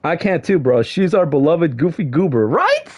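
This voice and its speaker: Young dude streaming, high voice swinging all over, yells a lot, says bro every other line. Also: male voice, moderate pace. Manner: excitable, shouts in mock frustration, slangy with lots of "bro". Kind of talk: casual livestream chat to viewers.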